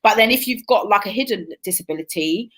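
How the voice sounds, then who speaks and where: A woman hosts a casual interview in an ordinary mid-range voice. She talks in a relaxed way and keeps affirming what her guest says. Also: mid-range voice, fast. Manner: supportive, affirming. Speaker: talk show host.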